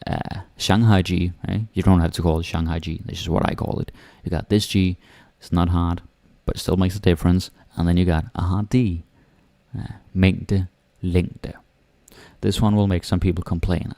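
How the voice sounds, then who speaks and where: A man with a Danish accent teaching pronunciation, speaking slowly and repeating each word for the learner. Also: low voice, little pitch movement, mellow, no room sound. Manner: slow, repeating words for the learner. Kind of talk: pronunciation lesson.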